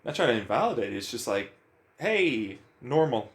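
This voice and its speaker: A man's voice: mid-range voice, big pitch swings, moderate pace. A man talking bluntly about emotions in a casual, profane monologue, firing questions at himself.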